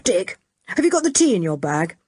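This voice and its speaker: A woman voicing a confident, cheerful teenage boy who talks in a brisk, reassuring, hearty way in a storybook reading. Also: on the low side, sing-song, darkish tone, slightly rough, no echo.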